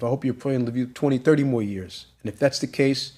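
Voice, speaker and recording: A man's voice: mid-range voice, fast talker, dark tone. A man telling a personal story as a guest in an interview, emotional and at times rising to an urgent plea.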